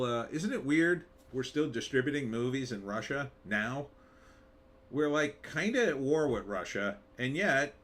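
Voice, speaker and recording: A man's voice: mid-range voice, a bit bright. A man hosting a live commentary show, talking in a sarcastic, rambling way with wry asides. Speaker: show host.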